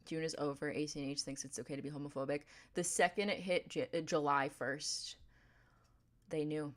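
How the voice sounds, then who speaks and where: A woman streaming a game and chatting with viewers, given to dramatic mock outrage and quick asides. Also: deep voice, fairly even intonation. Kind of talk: casual livestream chat.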